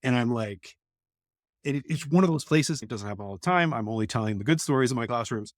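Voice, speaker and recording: A man's voice: medium pitch, animated, fast, no room sound, studio quality. A middle-aged man, an education professor, talking bluntly and candidly as an interview guest, telling stories from his classes. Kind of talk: casual conversational interview.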